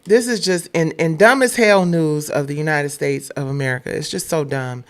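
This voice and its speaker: A woman's voice: low-pitched, moderate pace. A woman from Detroit hosting a casual news commentary show, blunt, irritated and profane. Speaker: show host.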